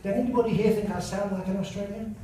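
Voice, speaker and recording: A man's voice: sits high, steady tone, quick pace, over a noisy crowd. An older English man doing stand-up, telling stories and teasing the audience in a chatty way. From England. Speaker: comedian and after-dinner speaker. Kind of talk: stand-up storytelling. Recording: echoey hall from far off, loud noise.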